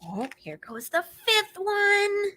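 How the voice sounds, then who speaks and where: A woman librarian reading picture books aloud to preschoolers in an animated, expressive way, gasping and making animal noises. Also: very high-pitched, slow pace, slight background noise. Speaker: children's librarian hosting storytime.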